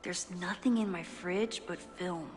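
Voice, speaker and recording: An actress voicing a thoughtful, wistful young woman photographer in a video game, speaking softly and reflectively. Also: on the low side, a little slow, lightly acted. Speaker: game protagonist voice. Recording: game audio with clear music behind.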